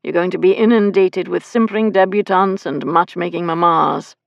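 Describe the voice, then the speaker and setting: A woman's voice: lowish voice, steady tone, normal speed, creaky, no echo, dull audio. Wry married lord read by a woman, drawling, dry studio audiobook. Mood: earnest. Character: happily married nobleman, steady and wry. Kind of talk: audiobook character voice.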